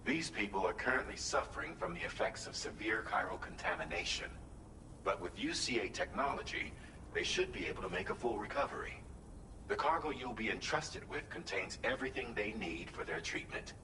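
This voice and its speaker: An actor voicing a calm male game character who gives a formal mission briefing in a measured way. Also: on the low side, natural voice. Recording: echoey, distant, noisy game audio.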